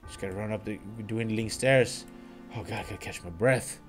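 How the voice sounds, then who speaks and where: A man's voice: on the low side, moderate pace, over music. A young man giving casual gameplay commentary, rambling with crude, swearing reactions. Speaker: let's play gamer.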